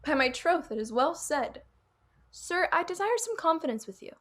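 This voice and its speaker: A woman's voice: high voice, very animated, normal speed, fairly bright tone. A woman playing a chatty, fussy old nurse with a teasing, giggling manner in a video-call reading. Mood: bantering. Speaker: actor. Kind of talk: virtual staged reading.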